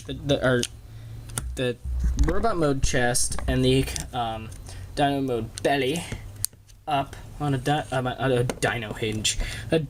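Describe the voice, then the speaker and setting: A man casually reviews a toy, walking through its transformation while speaking haltingly with lots of fillers and self-corrections. He's recorded on a camera on a small tripod, his voice medium-pitched, with background noise.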